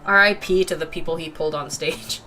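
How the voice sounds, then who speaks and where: A woman's voice: deep voice, fairly even intonation, fairly quick, sharp tone, faint music behind. A young woman hosting an art livestream, chatting casually and giggling, with lots of fillers while she draws. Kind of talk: casual chat while drawing.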